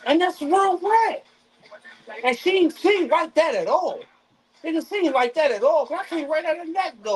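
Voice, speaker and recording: A man's voice: very high-pitched, animated, moderate pace, rough recording. A man streaming live craps and rambling in profane, restart-heavy casual chat. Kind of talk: casual chat while gambling.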